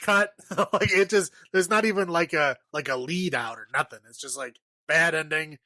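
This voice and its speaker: A man with a high, bright voice riffs sarcastically on a film in casual podcast chat. He drops in laughing asides and swears. He is recorded close and dry. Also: moderate pace, no echo. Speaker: podcast co-host. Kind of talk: casual movie review chat.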